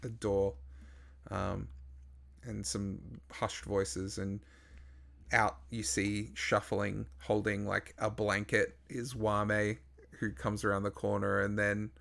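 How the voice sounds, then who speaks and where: A man narrating a tabletop role-playing game as game master, pausing often with fillers. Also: on the low side, monotone, gravelly, fairly bright tone. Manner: halting, with many fillers.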